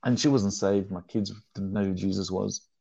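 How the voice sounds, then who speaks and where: A man's voice: deep voice, fairly even intonation, moderate pace, creaky, warm tone, breathy edge, no echo. A man telling his personal testimony in an earnest, emotional way, often restarting his sentences. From South Africa.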